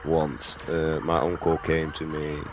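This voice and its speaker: A man's voice: rumbling low, flat delivery, a little slow, background noise. A man rambling and swearing casually while playing a video game. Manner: rambling, profane, drawling. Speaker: gaming streamer.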